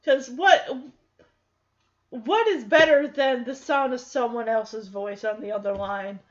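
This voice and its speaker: Chatty woman recapping a sitcom, high voice. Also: takes it slowly, dull audio. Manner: chatty, wry asides. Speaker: show recap host. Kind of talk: casual episode recap.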